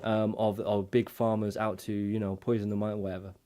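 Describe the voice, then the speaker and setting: A man's voice: lowish voice, little pitch movement, fairly quick, warm tone. Guy rambling thru explanations on a casual reaction show, keeps restarting. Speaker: co-host.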